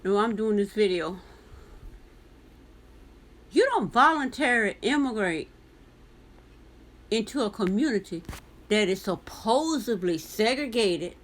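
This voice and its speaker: A woman from the United States reads a news article aloud on her vlog and breaks in with her own commentary. Her voice sits a little high and swings widely in pitch. She questions the text pointedly as she goes. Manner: animated, talks back to the text with pointed questions. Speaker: commentary vlogger.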